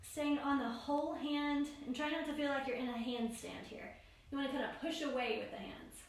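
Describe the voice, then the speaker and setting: Woman yoga teacher for a guided class, high voice, steady pose-by-pose cueing, miked from a distance in a booming room. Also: a little fast, vocal fry. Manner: steady spoken cues for each pose and breath. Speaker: yoga instructor. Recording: very echoey room, voice far from mic.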